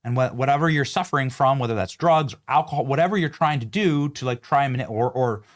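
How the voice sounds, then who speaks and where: A man's voice: mid-range voice, quick pace. A male host giving impassioned, emphatic commentary over video clips, moralizing as he goes.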